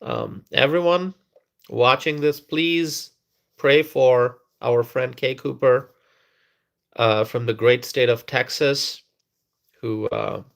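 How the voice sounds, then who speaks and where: A man hosting a live stream, chatting with viewers and talking softly and slowly to rest his tired voice. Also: medium pitch, vocal fry.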